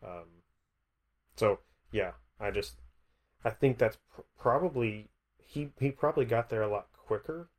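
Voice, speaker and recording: A man's voice: mid-range voice, animated, unhurried. A man in a casual Bible discussion, hesitant, often restarting his sentences.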